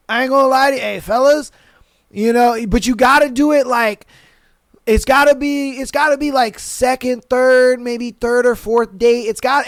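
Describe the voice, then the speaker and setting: A man hosting a podcast, chatting crudely and repeating himself, his voice hoarse. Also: very high-pitched, no room sound. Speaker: podcast host. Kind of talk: casual chat reading listener stories.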